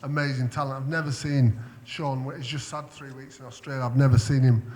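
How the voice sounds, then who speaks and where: Fast-talking host in a big hall. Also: male voice, mid-range voice, little pitch movement, darkish tone. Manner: brisk, prompting with questions. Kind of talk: live stage conversation. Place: festival stage in a hall. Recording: long hall reverb.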